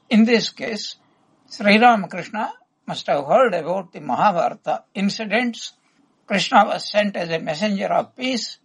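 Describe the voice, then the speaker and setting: A man delivers a spiritual discourse, unhurried and full of retold stories. His voice is gravelly and husky, with a breathy edge. He pauses now and then to clear his throat. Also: high-pitched, low-quality recording. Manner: unhurried, retells stories with quoted dialogue, frequent throat clearing. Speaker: spiritual teacher. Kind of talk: devotional discourse with storytelling.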